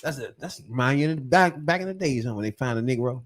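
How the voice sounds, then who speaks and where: A man's voice: medium pitch, fast. A man hosting a podcast, telling stories in casual chat and acting out the voices. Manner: animated, laughing, acts out voices in stories. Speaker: podcast host.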